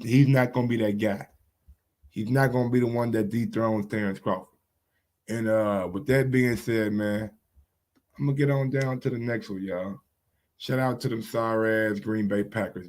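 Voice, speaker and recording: Profane, rambling male sports host. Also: mid-range voice. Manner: rambling, profane, trash-talking. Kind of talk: casual livestream commentary.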